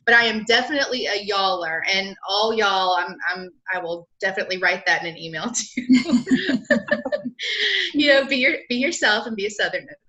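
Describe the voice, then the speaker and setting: A woman's voice: mid-range voice, expressive, a little fast, bright, forceful tone, muffled recording. A woman from South Carolina with a Southern accent, a guest on a podcast interview who talks in a bubbly way and laughs often. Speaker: guest, lawyer and blogger.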